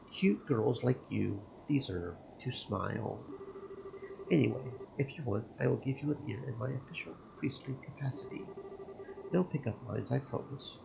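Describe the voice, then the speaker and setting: A man reading Kevin, a gravelly flirting priest. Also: mid-range voice, noisy background. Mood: playful. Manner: teasing, easygoing banter. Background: game music.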